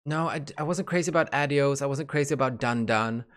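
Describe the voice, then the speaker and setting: A young man making a K-pop reaction video, a little out of breath, excitable and swearing, gasping and exclaiming as he talks. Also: mid-range voice, fast. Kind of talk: casual reaction commentary. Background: music playing faintly.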